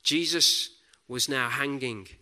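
A man preaching a sermon in a deliberate, reflective way, often dropping to a soft hush on key words. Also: mid-range voice.

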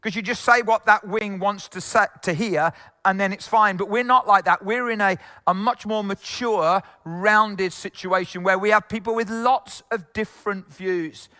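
A man's voice: high voice, fairly even intonation, moderate pace, pushed and bright, long reverb tail. A man from England preaching a conversational sermon with jokes and asides. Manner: conversational, jokey, many asides. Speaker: pastor.

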